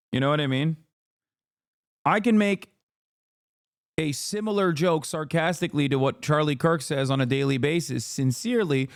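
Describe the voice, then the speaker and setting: Loud, profane ranting male streamer. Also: a little high, dry recording, studio quality. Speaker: livestream host reacting to clips. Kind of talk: heated political commentary.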